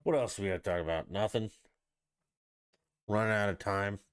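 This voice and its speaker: A man's voice: fairly low pitch, normal speed, smooth. A man hosting a solo podcast, ranting about sports in an exasperated, profane way. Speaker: podcast host.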